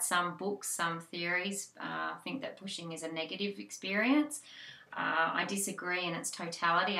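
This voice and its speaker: Speaking in a lowish, bright voice with a forceful tone, an Australian woman who teaches childbirth gives an informal talk. She's conversational, with frequent fillers and restarts, and the room is echoey.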